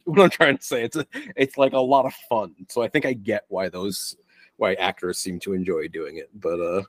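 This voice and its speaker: A man's voice: on the low side, no echo. A young man co-hosting a podcast, chatting casually about a film, rambling and restarting his sentences with the odd profane aside. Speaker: podcast co-host. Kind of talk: casual film review chat.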